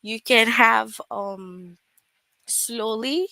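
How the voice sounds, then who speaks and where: A woman teaching an online English class, patient and repeating examples slowly. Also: on the high side, creaky, fairly bright tone, no room sound.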